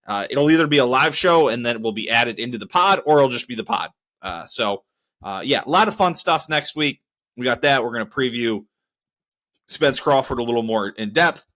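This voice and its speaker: A man hosting a solo podcast, telling stories with heavy swearing and winding down with thanks to listeners. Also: moderate pace. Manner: profane, exasperated storytelling; lively, restless pitch swings. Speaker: podcast host. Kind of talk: solo podcast rant and sign-off.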